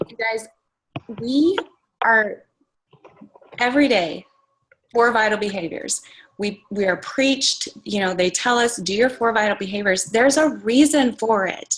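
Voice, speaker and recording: A woman's voice: on the high side, unhurried, pauses often, a bit bright, slight background noise, low-quality recording. A woman coaching a group on a call, talking casually and earnestly, full of "like" and "you guys". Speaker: fitness coach sharing takeaways on a group call. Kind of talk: casual motivational talk. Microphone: conference call.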